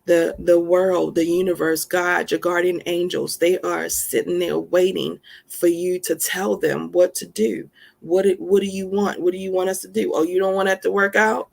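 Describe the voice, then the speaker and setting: Woman speaker, motivational self-help talk, emphatic and homespun, slight gravel in the voice. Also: lowish voice, flat delivery, moderate pace, darkish tone. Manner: emphatic and folksy, calls listeners honey.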